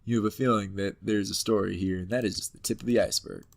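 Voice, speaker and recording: A man hosts a let's-play, reading the adventure text and reacting to it playfully. His voice sits slightly low, and he hams up the dramatic moments. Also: fast talker, creaky. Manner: playful and animated, hamming up the game text. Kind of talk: game commentary and reading game text aloud.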